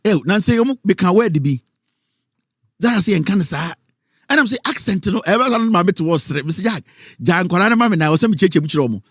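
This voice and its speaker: A man's voice: high voice, animated, a little fast, breathy edge, no echo. A man with a Ghanaian accent hosting a radio talk show, chatting casually and telling stories, close to the mic. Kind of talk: casual radio talk mixing Twi and English.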